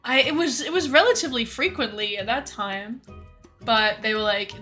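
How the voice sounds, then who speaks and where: A woman's voice: fairly high pitch, normal speed, sharp tone, soft background music. A young woman streamer in casual livestream chat, rambling, laughing often and swearing casually.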